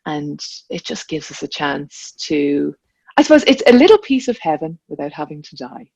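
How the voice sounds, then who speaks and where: A woman's voice: low-pitched, very animated, normal speed, creaky, a little mellow, no room sound, highs cut off. An Irish woman, an actor, talking as a podcast guest, reflective and searching for her words. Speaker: guest, actor and voiceover artist. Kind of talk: casual interview chat.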